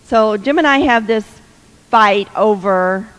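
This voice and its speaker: Woman, advice speaker, slow and chatty with a teasing edge, hall reverb. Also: mid-range voice, fairly bright tone. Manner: chatty, laughing, teasing asides. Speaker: speaker giving marriage advice to women. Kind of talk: humorous advice talk to a live audience.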